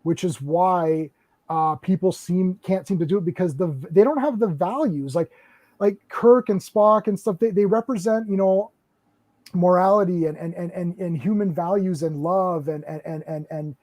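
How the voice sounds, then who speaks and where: A man's voice: sits high, moderate pace, darkish tone. A man in his forties hosting a casual film discussion. He rambles and repeats words as he searches for what to say. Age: 40s. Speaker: podcast host.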